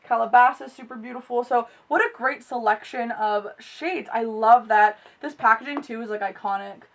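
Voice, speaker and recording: A young woman unboxing makeup in a vlog, gushing and excitable with gasps and squeals. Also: on the high side, normal speed, recorded from a distance. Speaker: beauty vlogger.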